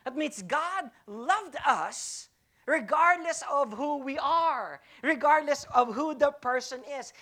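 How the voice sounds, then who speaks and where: High-voiced woman preaching emphatically. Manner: emphatic preaching with rhetorical questions and repetition. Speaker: pastor. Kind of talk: sermon.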